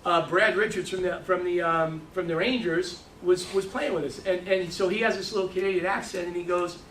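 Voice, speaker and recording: Middle-aged man, high bright voice, training talk, echoey room heard from a distance. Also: fairly even intonation, a little hiss or hum. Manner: fast storytelling with lots of restarts. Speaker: sales trainer.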